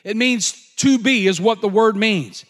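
A man preaching a sermon, slow and emphatic, repeating key phrases with occasional fillers. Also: sits high, fairly bright tone. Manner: emphatic repetition, slow deliberate delivery with fillers.

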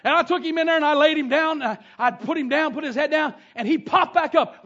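High-voiced preacher, lo-fi. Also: male voice, fairly quick, hardly any pauses. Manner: animated storytelling with down-home grammar. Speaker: pastor. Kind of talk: sermon. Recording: dull lo-fi sound.

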